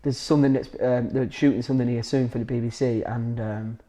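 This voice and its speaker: A man's voice: mid-range voice, steady tone, a little fast, dark tone. A man with a Grimsby accent, an actor chatting as a guest, rambling with many restarts. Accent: Grimsby, Lincolnshire. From England. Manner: rambling, restarts often, says "it's kind of like". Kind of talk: casual chat.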